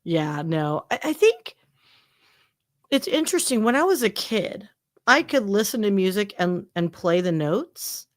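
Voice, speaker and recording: A woman co-hosting a casual podcast, talking in a chatty, animated way with lots of fillers. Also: medium pitch, measured pace, no echo, studio quality. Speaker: podcast co-host. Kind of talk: casual chat.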